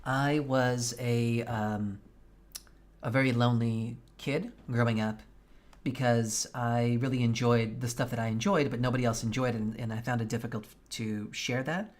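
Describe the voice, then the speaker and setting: A man's voice: medium pitch, fairly even intonation, moderate pace. Candid, profane man streamer. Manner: candid and profane, venting frankly. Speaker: game streamer. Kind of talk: casual chat with live viewers.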